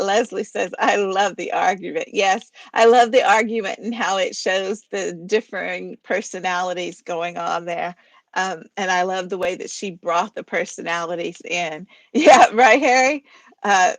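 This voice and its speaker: A woman's voice: medium pitch, gravelly, dry recording. A woman hosting a poetry reading, chatting casually about a poem in a chatty way with giggly asides. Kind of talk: casual chat about poems.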